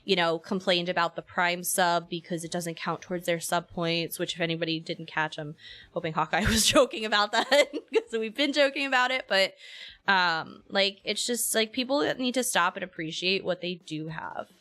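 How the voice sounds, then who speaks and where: A woman's voice: lowish voice, normal speed, sharp tone. A woman streamer chatting casually and candidly with her audience, rambling and opinionated. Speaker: streamer and co-host. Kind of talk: casual live-stream chat.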